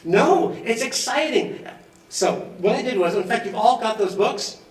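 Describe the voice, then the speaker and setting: High-voiced enthusiastic man in an echoey hall. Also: lively intonation, a little slow, recorded from a distance. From Los Angeles. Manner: enthusiastic and chatty, often laughing. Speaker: award recipient giving an acceptance speech. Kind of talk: off-the-cuff acceptance speech.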